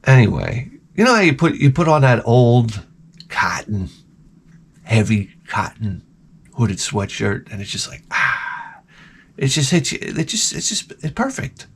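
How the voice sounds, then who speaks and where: Profane, animated man ranting sarcastically. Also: mid-range voice, measured pace, long pauses, slightly rough. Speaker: vlogger. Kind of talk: casual rant to camera. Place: home.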